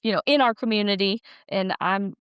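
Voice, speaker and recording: A woman's voice: mid-range voice, brisk, fairly bright tone, clean tone, no room sound, studio quality. A woman, a school's director of development, telling family stories earnestly in a casual podcast interview. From Alabama, USA. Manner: earnest storytelling, frequent ums.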